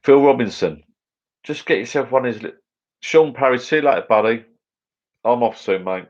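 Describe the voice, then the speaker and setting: Speaking at medium pitch and a moderate pace, a middle-aged Englishman chats live from his garden bar, reading out and replying to viewers' comments in a matey, rambling way. The livestream sound is dull and lo-fi.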